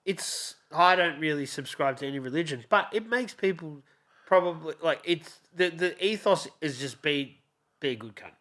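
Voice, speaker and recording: A man's voice: a little high, expressive, normal speed, a bit bright. A man hosting a podcast in casual chat, laid-back and supportive, with some casual swearing. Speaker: podcast host.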